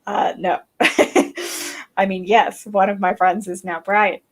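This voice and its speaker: A woman hosting a live stream, chatty and quick to giggle. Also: medium pitch, little pitch movement. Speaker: host. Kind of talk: casual chat on a live stream.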